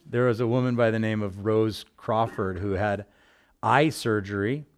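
A male pastor preaching a sermon in a conversational storytelling manner, with bursts of loud exclamation. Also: on the low side.

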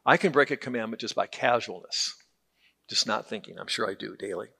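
A man's voice: lowish voice, brisk, gravelly, bright, forceful tone, slightly rough. A man teaching a Bible class in a conversational, joking way, often repeating words as he restarts.

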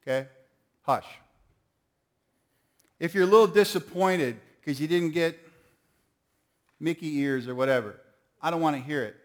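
A man's voice: a little high, a little slow, pauses often. A middle-aged man preaching a sermon, telling folksy stories and calling on the audience to answer. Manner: folksy storytelling, calls on the audience.

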